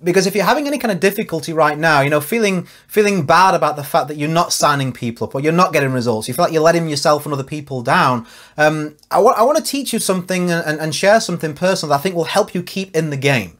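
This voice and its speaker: A man's voice: fairly high pitch, lively intonation, quick pace, fairly bright tone. A man speaking to camera as a network marketing coach, giving an earnest, encouraging motivational talk with frequent restarts.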